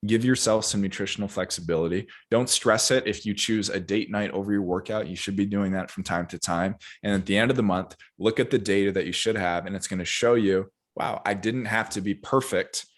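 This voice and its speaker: A man's voice: on the low side, fairly even intonation, brisk, hardly any pauses. A man speaking as a guest nutrition coach on a podcast, talking energetically and with emphatic asides.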